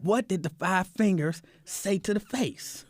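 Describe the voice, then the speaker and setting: A man's voice: sits high, measured pace, no room sound, voice pushed up. A man voicing a confused, impatient seventy-year-old man who keeps repeating himself in bafflement. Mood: baffled.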